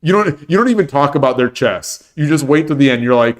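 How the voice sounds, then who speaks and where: A man's voice: fairly high pitch, expressive, fairly quick. Rambling middle-aged man streaming. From American Midwest. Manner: rambling, with many restarts and repeated phrases. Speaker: livestream host. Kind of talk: casual chat with viewers.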